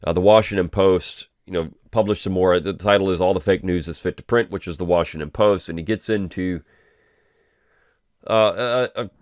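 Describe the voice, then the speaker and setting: A deep-voiced man hosts a weekly review podcast, going over recent articles in loose, conversational commentary full of ums and restarts. He speaks at normal speed, and the studio-quality recording has no room sound.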